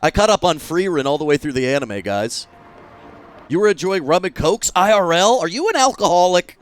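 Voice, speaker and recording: A young man streaming a game, chatting casually in an animated, jokey way, swearing freely and breaking into sudden loud outbursts. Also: high-pitched, brisk.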